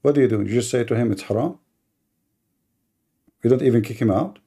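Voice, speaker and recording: Gravelly, mocking male debate host. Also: medium pitch, rapid-fire, dark tone. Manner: mocking, provocative, challenging listeners. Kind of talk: combative live-stream monologue.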